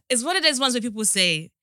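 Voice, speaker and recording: A young woman co-hosting a podcast in casual chat, with a laid-back, drawn-out delivery. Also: on the high side, sing-song, pushed and bright, dry recording, clean studio sound. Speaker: podcast co-host.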